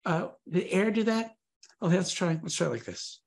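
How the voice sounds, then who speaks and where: A man's voice: high-pitched, expressive, normal speed, gravelly. A man performing comic magic patter for a live audience, swinging from very serious to absurd, with teasing asides.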